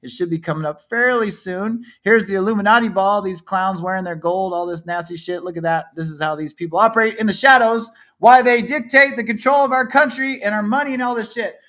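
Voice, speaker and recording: A man hosting a livestream, commenting on shared images and swinging between low muttering and angry yelling, with a lot of swearing. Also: fairly quick, hardly any pauses. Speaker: livestream co-host.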